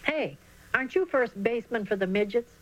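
A woman voicing a gruff, scheming young boy bully in a children's storybook reading. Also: fairly high pitch, expressive, a little fast, voice pushed up, natural voice, poor audio. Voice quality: gruff, whispering.

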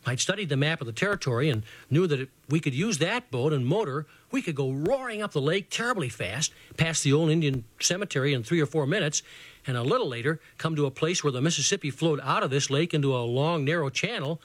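Middle-aged male storyteller, fairly high voice, very animated, reading a kids' adventure serial. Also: fairly quick, no room sound. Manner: lively, animated boyish first-person narration. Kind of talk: children's radio story reading.

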